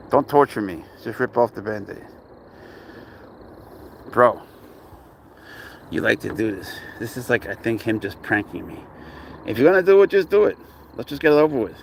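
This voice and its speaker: There's slight background noise as a man with a medium-pitched voice films his cat at an outdoor playground. He chats casually for his vlog, his banter profane and exasperated.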